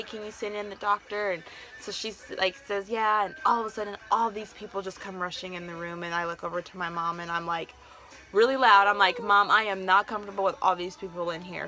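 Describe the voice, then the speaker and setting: A woman's voice: lowish voice, pushed and bright. A young adult woman vlogger telling a personal story to camera in a casual, chatty way, full of "like" fillers.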